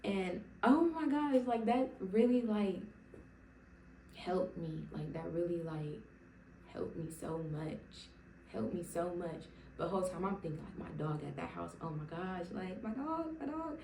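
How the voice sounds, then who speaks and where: A woman's voice: lowish voice, unhurried, mellow, distant mic, a little hiss or hum. A young woman telling her personal faith testimony to camera, emotional and rambling, with many fillers and restarts. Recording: roomy sound from away from the mic.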